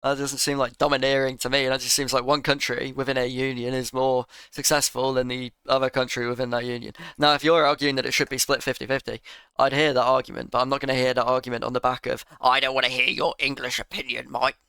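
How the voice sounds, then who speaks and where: A man's voice: mid-range voice, little pitch movement, fast talker, bright, forceful tone, clean tone, no room sound. A man giving a sarcastic, exasperated reaction rant to another creator's video.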